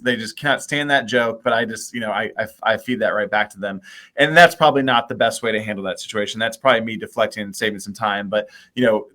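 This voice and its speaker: A man's voice: medium pitch, bright, forceful tone. A man hosting a casual video call chat as mayor, talking conversationally with self-deprecating dad humor. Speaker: mayor and show host.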